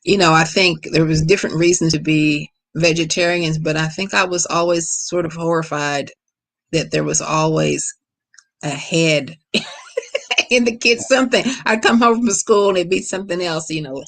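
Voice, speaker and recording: A middle-aged woman from Kentucky with a Kentucky accent, an author answering questions over a video call in a relaxed, storytelling way. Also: low voice, moderate pace. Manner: relaxed, storytelling, laughs easily. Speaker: guest author. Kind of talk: casual lecture Q&A.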